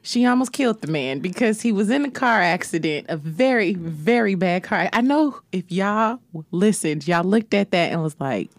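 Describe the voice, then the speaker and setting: Playful, lively-voiced woman co-host. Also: mid-range voice, normal speed, few pauses, no room sound. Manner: playful, teasing, laughing. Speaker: podcast co-host. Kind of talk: casual chat.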